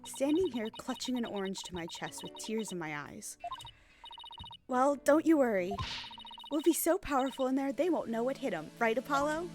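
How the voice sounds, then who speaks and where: A woman's voice: high voice, very animated, moderate pace, over music. A woman voicing a determined, loyal young female lawyer, speaking earnestly and upbeat.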